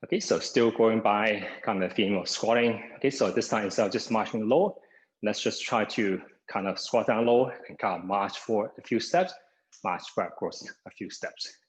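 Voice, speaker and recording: Man, exercise instructor, lowish voice, a bit winded, "okay" before each cue, video call. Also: moderate pace, low-quality recording. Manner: begins most cues with "okay", counts down seconds. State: somewhat out of breath. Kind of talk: live online exercise class instruction. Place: home via video call. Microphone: video call microphone.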